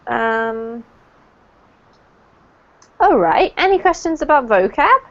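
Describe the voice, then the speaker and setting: A British woman leads an online English lesson, correcting pronunciation slowly and kindly. Her voice sits a little high. The call audio sounds dull and lo-fi. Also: very animated. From United Kingdom. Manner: encouraging, explains slowly and clearly. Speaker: English teacher. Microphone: video call.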